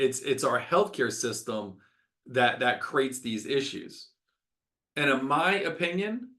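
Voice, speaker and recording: A man's voice: mid-range voice, fairly bright tone. A middle-aged man, a doctor hosting a webinar, talking with passion, ranting and repeating words for emphasis.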